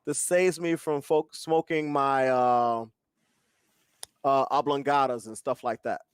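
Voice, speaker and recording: A man's voice: mid-range voice, steady tone, takes it slowly, clean tone, no room sound, clean studio sound. A middle-aged man, a podcast co-host, rambling jokily and a bit crudely through a casual cigar review. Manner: rambling, profane, jokey.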